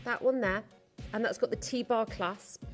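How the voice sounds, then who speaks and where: A woman's voice: fairly high pitch, measured pace, faint music behind. A woman presenting on a live shopping channel, chatty, giggly and enthusiastic as she sells jewellery.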